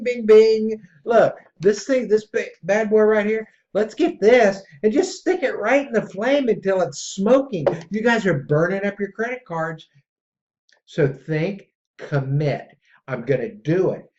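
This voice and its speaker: A man hosting a podcast in a casual, rambling monologue that gets excitable. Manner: excitable and rambling, jumps between pitches. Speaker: podcast host. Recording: dull lo-fi audio.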